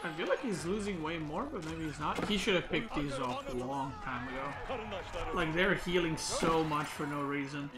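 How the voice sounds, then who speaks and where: A man giving casual commentary on a recorded match, thinking out loud with lots of "like" and "right?" fillers. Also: a little high, moderate pace, over a noisy crowd. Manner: thinks aloud, filler-heavy, says "like" and "right?" a lot. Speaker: game analysis host.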